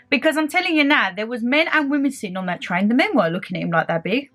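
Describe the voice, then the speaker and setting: A young woman, telling a story in a casual, animated and indignant way. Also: a little high, racing, hardly any pauses, faint music behind. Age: young adult. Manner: animated, indignant retelling with quoted back-and-forth. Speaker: beauty vlogger.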